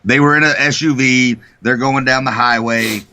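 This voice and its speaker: A man co-hosting a casual morning talk show, retelling a story with heavy swearing and lively energy. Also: mid-range voice, normal speed, slight background noise. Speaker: co-host. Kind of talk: profane casual chat. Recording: dull lo-fi sound.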